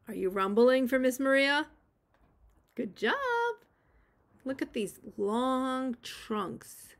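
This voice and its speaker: A woman who teaches preschool, reading a picture book aloud to young children and gently encouraging them to join in. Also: fairly high pitch, extremely slow, gravelly, pauses often.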